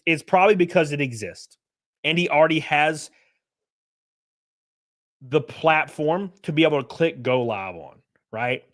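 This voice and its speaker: A man's voice: on the high side, fairly bright tone. A young man hosting a livestream, talking in a blunt, profane and rambling way. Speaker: livestream host. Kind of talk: casual commentary stream.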